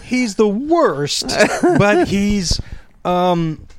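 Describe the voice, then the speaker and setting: A man's voice: high-pitched, very animated, extremely slow, a little hiss or hum. A man co-hosting a casual movie review chat, laughing often, swearing and acting out quotes. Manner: laughing, profane, acts out quotes. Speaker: podcast co-host.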